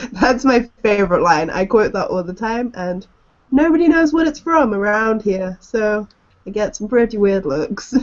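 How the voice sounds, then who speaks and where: A woman's voice: mid-range voice, big pitch swings, a little slow. A young woman co-hosting a fan podcast in casual chat, giggling often. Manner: giggly, laughs often between lines. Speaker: podcast co-host. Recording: dull lo-fi home recording.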